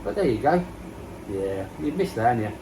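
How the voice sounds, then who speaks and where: A man's voice: mid-range voice, big pitch swings, normal speed, vocal fry, dark tone, slight background noise, low-quality recording. A man, chatting casually and rambling on a vlog, self-mocking and swearing casually. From England. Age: 50s. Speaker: koi pond vlogger. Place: outdoors by a garden pond.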